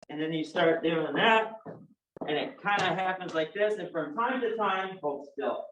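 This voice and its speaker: A man's voice: high-pitched, fairly bright tone, slight background noise. A man with a Texan accent teaching a live dance class, joking and telling folksy stories as he instructs. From Texas. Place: dance studio. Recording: roomy, distant, dull sound.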